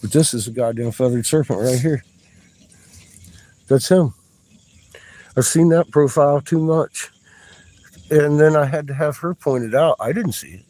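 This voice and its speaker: A man excitedly commenting on his finds in a dug pit outdoors, rambling and swearing as he goes. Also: a little high, a little slow, long pauses, poor audio. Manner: profane, rambling, bursts of excitement. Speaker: amateur researcher vlogging a dig.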